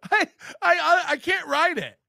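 Bright-voiced man ranting in disbelief. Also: extremely high pitch, takes it slowly, creaky, no echo, studio quality. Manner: incredulous, mocking, laughs often. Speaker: podcast host. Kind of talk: ranting reaction commentary.

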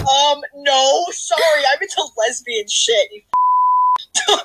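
A woman's voice: high-pitched, expressive, slow, noisy background. A woman doing crude comedic fan dub voices, giggly and teasing.

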